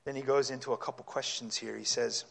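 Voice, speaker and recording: A man preaching a sermon, reading scripture aloud and explaining it, his delivery growing impassioned until he is nearly yelling. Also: medium pitch, steady tone, fast talker, creaky, breathy edge. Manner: impassioned, rising to yelling at times.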